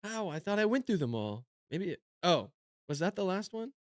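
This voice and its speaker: A man's voice: high voice, big pitch swings, normal speed, no room sound, clean studio sound. A male comedian reviewing viewer-submitted card decks, rambling and muttering to himself as he works through the list. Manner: rambling, talks to himself while scanning cards. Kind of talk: casual comedic commentary.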